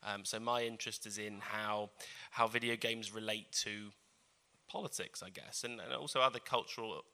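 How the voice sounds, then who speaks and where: A man from London speaks in a formal southern English accent as a guest at a live festival talk. His voice is very bright and sharp, and he talks in a chatty, loose way, full of fillers and quick to laugh. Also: lowish voice, fairly even intonation, gravelly. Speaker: guest lecturer and author. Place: festival event space.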